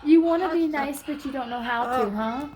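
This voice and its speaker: A woman talks in a high, light voice. She chats casually at an outdoor zoo, explaining how a bird behaves and warning others about it. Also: moderate pace, crowd noise. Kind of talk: casual chat.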